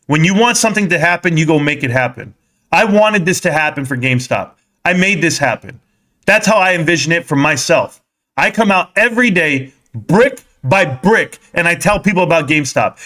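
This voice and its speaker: On a live stock-market stream, a male host with a high, bright, forceful voice gets heated and combative as he fires back at his chat. His delivery stays punchy and confrontational from start to finish.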